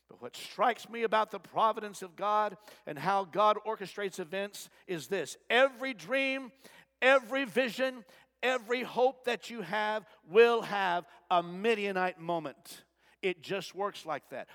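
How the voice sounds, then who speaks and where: High-voiced man preaching in a reverberant hall. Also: measured pace, fairly bright tone. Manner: preaching with dramatic swings, acting out voices. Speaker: pastor. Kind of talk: sermon. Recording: long reverb of a large hall.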